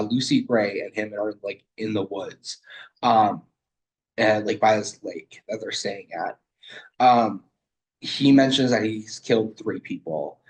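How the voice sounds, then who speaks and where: A man's voice: fairly low pitch, rough recording. A young man and student giving a casual, rambling literary video essay over a video call, with lots of fillers and swearing.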